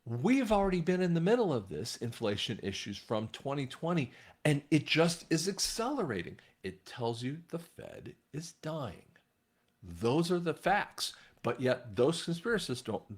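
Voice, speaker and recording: Man, rambling monologue to camera, lively up-and-down pitch, lots of restarts. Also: moderate pace. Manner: rambling, frequent restarts, animated swings in pitch. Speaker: online commentator.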